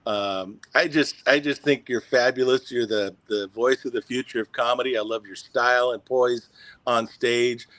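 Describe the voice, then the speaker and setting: A man hosting a casual chat, full of praise for his guest, who fills his pauses with "uh" and "um". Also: medium pitch, steady tone, a bit bright, dry recording. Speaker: host.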